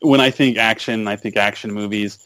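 A man's voice: lowish voice, steady tone, fairly quick, a bit bright, dry recording. A man in casual chat, making joking, sarcastic asides.

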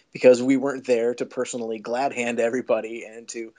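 A man who is a filmmaker, a guest on a podcast, telling stories in a chatty, excitable way. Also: medium pitch, fairly quick, hardly any pauses. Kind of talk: casual podcast chat.

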